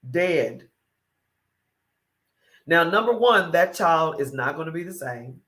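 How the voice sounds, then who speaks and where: A woman's voice: low-pitched, expressive, takes it slowly, a bit bright. A woman hosting a morning talk show, giving an opinionated monologue that is emphatic and repetitive, full of rhetorical questions.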